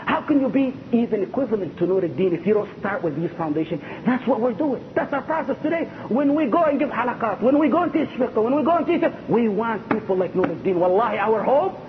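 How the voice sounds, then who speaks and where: A high-voiced man preaches with fervor, throwing questions at his listeners. The recording is dull and lo-fi. A faint rumble runs underneath. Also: very animated, fast talker. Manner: impassioned, asks the audience rhetorical questions. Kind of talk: sermon lecture.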